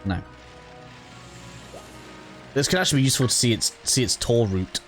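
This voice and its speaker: With faint music playing in the background, a gaming YouTuber narrates a gameplay walkthrough at normal speed in an animated, medium-pitched voice. He's slightly breathless, rambling, and heavy on fillers and restarts.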